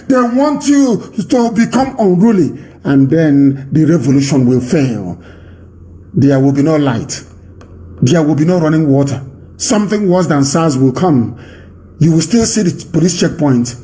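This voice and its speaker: A man with a Nigerian accent giving an impassioned live radio address, emphatic and repetitive, with commanding declarations that rise to shouts. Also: fairly high pitch, expressive, a little slow.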